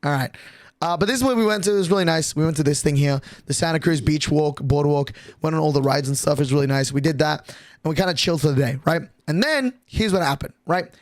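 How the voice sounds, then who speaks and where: A man's voice: fairly high pitch, fast talker, no echo. Rambling, swearing young streamer guy. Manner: rambling, profane, many restarts and fillers. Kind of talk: casual stream chat, storytelling.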